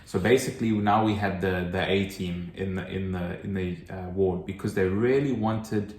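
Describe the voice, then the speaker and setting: A man's voice: sits low, steady tone, moderate pace, darkish tone, reverberant. A man telling the story of his child's birth in casual chat, in a matter-of-fact, rambling way.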